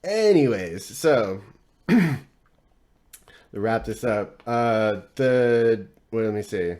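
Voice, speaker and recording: A man's voice: lowish voice, lively intonation, extremely slow, darkish tone. A man hosting a podcast, retelling a story casually in a rambling, profane way, with many fillers and frequent chuckles. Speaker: podcast host.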